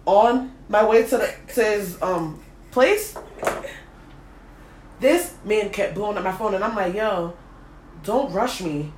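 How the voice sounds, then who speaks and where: A woman hosting a casual chat and telling a lively, slangy story about a date. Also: mid-range voice, unhurried, long pauses, echoey room, a little hiss or hum. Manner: animated, slangy, laughing storyteller. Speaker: host.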